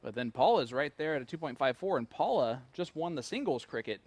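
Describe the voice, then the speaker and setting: A man's voice: a little high, lively intonation, brisk, a little mellow, no room sound. A man commentating live darts, chatty and joking as he reads out player stats.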